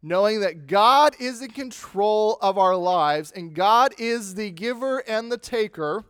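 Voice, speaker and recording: A man preaching a sermon, leaning hard into key phrases and then dropping to a hush. His fairly high voice is smooth and clear. The recording is dry and close. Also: lively intonation, unhurried, no echo. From United States. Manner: emphatic, swings between loud stress and quiet endings. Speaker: pastor.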